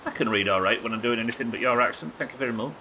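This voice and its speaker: A man's voice: medium pitch, rapid-fire, bright, forceful tone, a little hiss or hum, poor audio. A man from the United Kingdom chatting and joking casually while streaming a survival game, swearing now and then. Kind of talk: casual gameplay commentary.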